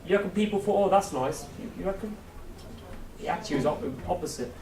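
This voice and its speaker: Speaking fast in a high voice, a male Sikh preacher tells animated stories to a youth camp, quizzing listeners and performing different characters. It was captured in a large, echoey camp hall from a distant mic with light hiss.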